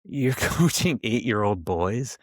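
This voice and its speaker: A man's voice: lowish voice, expressive, slow pace, dry recording. Laughing father, dry close mic. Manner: laughs often while telling stories, loose and chatty. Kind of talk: casual conversation.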